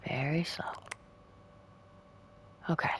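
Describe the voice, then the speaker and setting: A woman playing a puzzle game, reading in-game letters aloud and working out clues with quiet asides. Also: takes it slowly, in a whisper. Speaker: game streamer.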